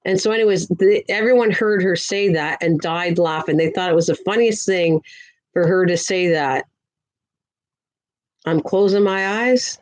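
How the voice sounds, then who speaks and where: A woman's voice: fairly low pitch, unhurried, poor audio. An older woman hosting a crafting livestream, chatting in a rambling way and talking to viewers in the chat. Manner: sweet greetings to viewers in a lifted voice.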